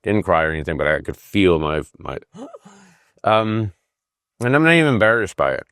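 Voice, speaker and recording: Low voiced guy in his 50s musing on his podcast, lots of ums, dry sound. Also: sing-song, moderate pace, fairly bright tone, clean tone, no echo. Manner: emotional, rambling, frequent fillers and restarts. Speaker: podcast host. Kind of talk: casual reflective monologue.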